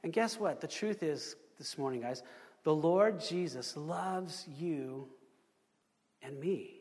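High-voiced man preaching in a reverberant hall. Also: slow pace, a little mellow, breathy edge. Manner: conversational preaching with rhetorical questions and repetitions. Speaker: pastor. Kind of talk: sermon.

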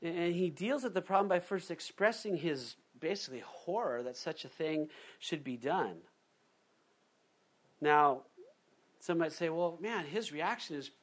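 A pastor delivers a conversational, animated sermon in a slightly high voice, acting out little quotes along the way.

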